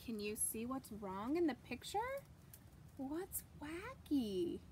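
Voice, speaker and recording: A woman reading a picture book aloud to children, animated, gasping and exclaiming, and asking the young listeners questions. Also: sits high, slow pace, a little hiss or hum. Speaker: children's story reader.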